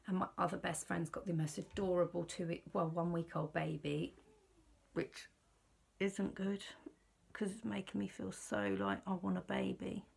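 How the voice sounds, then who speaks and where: Worried British woman, low and husky. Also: normal speed, darkish tone. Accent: British English. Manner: worried, rambling, confiding. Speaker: vlogger. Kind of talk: candid personal vlog.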